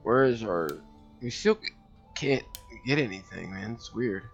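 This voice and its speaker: Over soft background music and dull audio, a gameplay commentator casually talks through a strategy game, thinking aloud, reading game text, and hiccuping now and then. His fairly low, gravelly voice has lively intonation and a measured pace.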